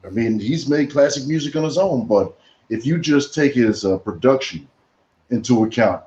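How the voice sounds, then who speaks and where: A man on a casual podcast, calmly laying out his opinions at length. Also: mid-range voice, echoey room, lo-fi sound. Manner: measured, opinionated, explains his views at length. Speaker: podcast guest.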